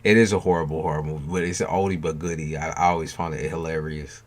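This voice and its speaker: A man's voice: a bass voice, fairly even intonation, fast talker. A man hosting a late-night tarot live stream, chatting loosely with viewers by name, swearing freely and joking, sounding tired.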